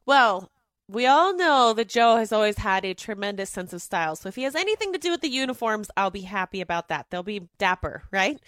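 A woman's voice: mid-range voice, sing-song, a little fast, a bit bright, dry recording, studio quality. A woman interviewing a guest in a casual, playful way, asking long rambling questions.

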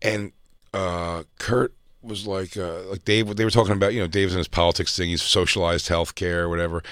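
A man's voice: sits low, fairly even intonation, moderate pace, fairly bright tone, dry recording, studio quality. A man co-hosting a comedy chat show, telling stories animatedly, acting out his friends' voices and swearing freely. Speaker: podcast co-host.

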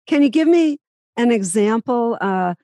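A woman's voice: a little high, lively intonation, unhurried, warm tone, dry recording. Boston woman asking direct questions. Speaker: interviewer. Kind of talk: casual interview chat.

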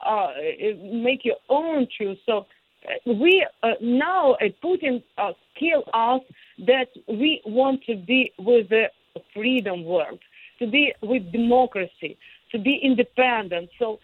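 A woman with a Ukrainian accent, a guest on a remote interview, speaking with passion, halting with many fillers and restarts. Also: on the high side, expressive, husky, no room sound. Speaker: guest, singer and former lawmaker. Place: in Kyiv, remote. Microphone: phone line. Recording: tinny dry phone line.

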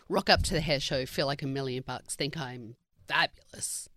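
A woman's voice: low voice, fairly even intonation, a little fast, few pauses, fairly bright tone, no room sound, clean studio sound. A woman guest on a talk show, chatting casually in a wry, teasing way. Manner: wry, teasing, laughs often. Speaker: guest coach. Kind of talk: casual chat.

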